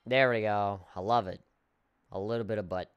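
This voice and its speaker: A young man talks over a game with faint music behind him. His delivery is loose and joking, with casual swearing. When he reads on-screen lines aloud, his pitch jumps up. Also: fairly even intonation, normal speed, clean tone, lo-fi sound. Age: young adult. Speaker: gaming video host. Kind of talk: casual game commentary, reading dialogue aloud.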